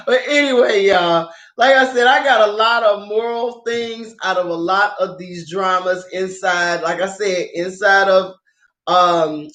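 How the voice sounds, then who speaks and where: Excitable, profane woman vlogger, roomy echo. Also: medium pitch. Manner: profane, excitable, laughs often. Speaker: drama review vlogger. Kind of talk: casual unscripted chat to viewers.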